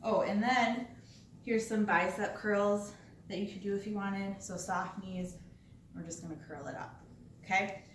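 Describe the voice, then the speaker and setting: Heard from a distance in an echoey room over slight background noise, this woman speaks at medium pitch with a steady tone and measured pace. As a workplace fitness instructor, she chats casually while showing coworkers resistance band moves, checking in with "okay?" and getting a bit winded.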